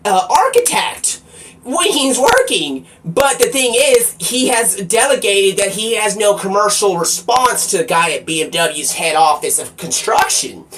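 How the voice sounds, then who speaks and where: A man streaming live, rambling excitably and swearing a lot, sometimes shouting. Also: high-pitched, unhurried. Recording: distant mic with faint background noise.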